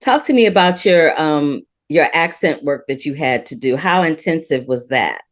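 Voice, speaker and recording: Woman host, very low voice, enthusiastic, playful interviewer. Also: animated, normal speed. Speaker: podcast host, film critic. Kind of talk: interview questions.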